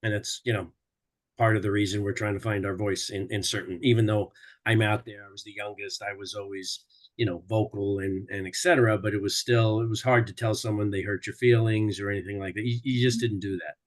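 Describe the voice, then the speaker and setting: A man in a casual group chat, telling family stories with animated mimicry of relatives shouting. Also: fairly low pitch, a little fast. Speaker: group participant.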